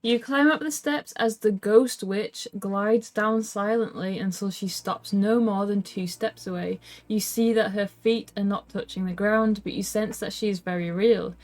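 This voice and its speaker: A woman's voice: medium pitch, fairly even intonation, a little slow, few pauses. A woman reading a fantasy gamebook aloud and chatting playfully with a co-player on a livestream. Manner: casual, playful remarks. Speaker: co-player and reader.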